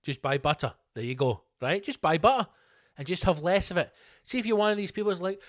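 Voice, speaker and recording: A man's voice: high-pitched, big pitch swings, fast talker, no room sound, clean studio sound. A man with a Scottish accent, hosting a solo podcast, ranting with lots of swearing and comic put-on voices. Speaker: podcast host.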